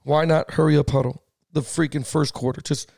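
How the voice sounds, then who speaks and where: A man co-hosting a sports podcast, animated and casual, swearing now and then as he talks football. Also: on the high side, a little fast, creaky, dry recording, clean studio sound. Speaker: podcast co-host.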